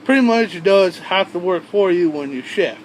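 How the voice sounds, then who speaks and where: Young male vlogger, high voice, rambling and crude, faint hum behind. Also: animated, moderate pace, low-quality recording. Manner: rambling, profane, with frequent asides and restarts. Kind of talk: rambling casual storytelling.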